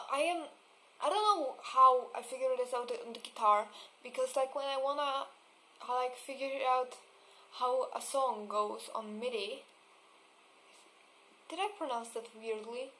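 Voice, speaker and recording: Slow-talking young woman ranting casually. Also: high-pitched, fairly bright tone, poor audio. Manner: swearing, laughing, exasperated asides; mocks voices with exaggerated vocal fry. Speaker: vlogger.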